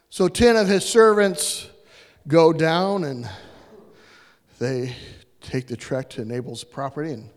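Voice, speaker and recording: A man's voice: a little high, a little slow, pauses often. A man preaching a sermon, retelling a story in a casual, folksy way. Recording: long hall reverb.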